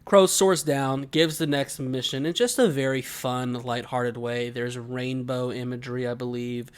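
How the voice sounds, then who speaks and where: A man's voice: mid-range voice, fairly even intonation, a little slow, smooth. A man in his twenties co-hosting a podcast, chatting casually with rambling, joking stories. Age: 20s. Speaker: podcast co-host. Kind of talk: casual chat.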